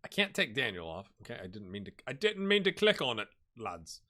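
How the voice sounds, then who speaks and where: A man's voice: mid-range voice, brisk. A middle-aged man giving chatty commentary on his football management game and talking to his viewers. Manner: animated, chatty, talks to viewers and players. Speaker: gaming YouTuber. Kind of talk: casual Let's Play commentary.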